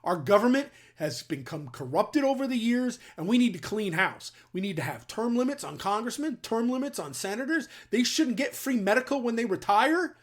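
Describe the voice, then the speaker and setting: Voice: medium pitch, very animated, moderate pace, hardly any pauses. A middle-aged military veteran from the New York or New Jersey area, hosting his own channel with blunt, emphatic opinion talk aimed straight at his viewers. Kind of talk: opinionated commentary to camera.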